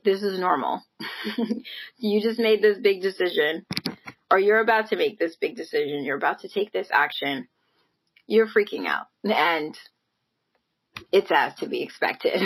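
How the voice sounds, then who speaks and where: Speaking straight to camera, a woman offers a sincere, uplifting motivational monologue in a casual style, often saying "like" and "right?" with soft laughs between phrases. Her voice is mid-range and fairly bright, and the recording quality is low.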